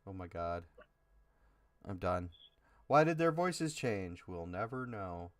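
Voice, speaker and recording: Lowish-voiced man in casual chat. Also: very animated, takes it slowly. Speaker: podcast co-host.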